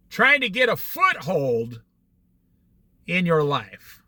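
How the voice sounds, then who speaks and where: A man's voice: a little high, wildly swooping pitch, slow, bright, forceful tone, no room sound. A man talking casually to camera outdoors near the shore, a chatty storyteller who drifts into moralizing asides. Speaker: vlogger. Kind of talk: casual vlog monologue.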